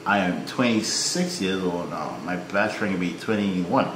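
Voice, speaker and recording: A man's voice: deep voice, unhurried. A man in his twenties reacts to a video in casual commentary, joking, swearing and talking back to the screen. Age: 20s. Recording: echoey room, faint noise.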